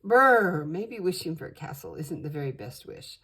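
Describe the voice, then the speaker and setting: A woman's voice: sits low, big pitch swings, moderate pace, a little hiss or hum. An older woman voicing an eager little girl heroine in a storybook. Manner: eager, bright and bubbly.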